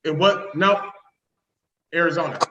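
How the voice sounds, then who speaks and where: A man co-hosting a casual political chat, telling joking, sarcastic stories in an animated way. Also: fairly high pitch, a little slow. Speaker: podcast co-host. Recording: echoey room, dull lo-fi sound.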